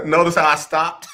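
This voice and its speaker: A man's voice: fairly high pitch, pushed and bright. A man hosting a radio show, chatting playfully about sports and teasing listeners by name. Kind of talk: casual sports radio talk.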